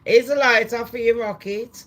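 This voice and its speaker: A woman hosting a casual commentary vlog, talking bluntly and profanely in a chatty way, with loud excited bursts. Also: on the high side, normal speed. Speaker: channel host.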